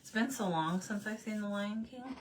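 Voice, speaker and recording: A woman's voice: medium pitch, moderate pace, a little hiss or hum. A woman chatting casually with her livestream viewers while she paints at home, answering their comments and laughing often. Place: home room with desk.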